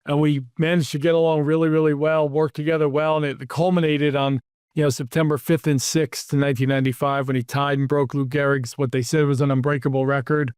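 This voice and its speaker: A man with a slightly higher-than-usual voice tells stories in a casual interview, acting out other people's lines with animated energy. The sound is dry and close, with no room echo. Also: fairly quick, clean tone. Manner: animated anecdotes, acts out quotes. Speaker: podcast host, PR executive.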